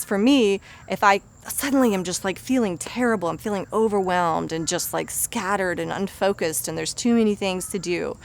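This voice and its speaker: Encouraging woman giving self-help tips. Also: mid-range voice. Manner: earnest, encouraging, conversational. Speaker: life coach. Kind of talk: motivational self-help talk.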